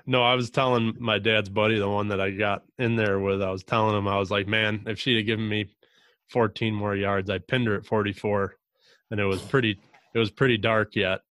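Low, flat-voiced man telling hunting stories. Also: no room sound. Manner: relaxed, drawn-out storytelling with mild cursing. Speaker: podcast host. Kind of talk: casual hunting chat.

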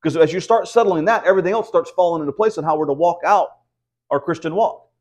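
Higher-voiced man preaching with rhetorical questions. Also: fast talker, a little mellow. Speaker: pastor. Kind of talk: house church Bible teaching.

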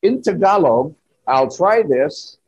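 A man preaching a sermon in church, slow and emphatic with rising exclamations. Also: a little high, lively intonation, a little mellow, husky, lo-fi sound. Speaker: pastor.

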